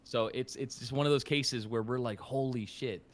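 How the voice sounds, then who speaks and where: A man's voice: mid-range voice, normal speed. A young man, a voice actor guest on a podcast, chatting casually in a rambling, self-deprecating way full of fillers and restarts.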